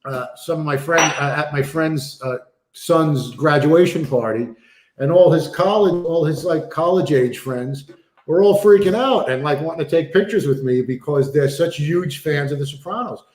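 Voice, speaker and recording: New guy telling stories on a call, kinda high voice, roomy echo. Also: normal speed, a little hiss or hum. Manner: animated storyteller, many fillers. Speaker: actor guest. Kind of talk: casual interview chat. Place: remote video call.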